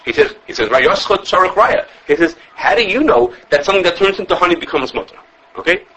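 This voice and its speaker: A man teaching an informal religious law class, talking fast with lots of restarts and acting out the sources he quotes. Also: high voice, sing-song, bright, forceful tone, breathy edge, highs cut off. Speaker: Torah teacher.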